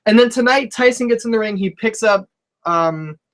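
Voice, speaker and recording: A man's voice: sits high, normal speed, fairly bright tone. A man co-hosting a casual wrestling podcast, talking loosely with swearing and reading viewer comments aloud. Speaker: podcast co-host.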